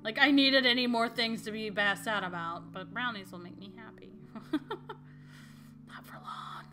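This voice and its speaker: A woman's voice: on the high side, steady tone, moderate pace, background noise. A young woman giving giggly, exclamatory commentary while playing a dating game, over faint music. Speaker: gamer.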